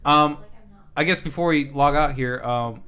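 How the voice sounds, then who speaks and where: A man's voice: a little high, a little slow, pushed and bright, smooth. A young man hosting a casual podcast chat, laid-back and swearing freely. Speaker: podcast host.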